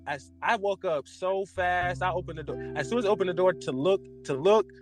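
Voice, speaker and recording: A man co-hosting a podcast in casual chat, an animated storyteller whose voice jumps high when he acts out a panic. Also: fairly quick, music in the background. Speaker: podcast co-host.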